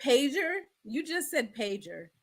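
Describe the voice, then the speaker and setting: A woman's voice: sits high, sing-song, measured pace, fairly bright tone, slightly rough. A woman, hosting a casual livestream and talking straight to the people in the chat. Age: 30s. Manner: chatty, addresses the chat directly. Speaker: livestream host.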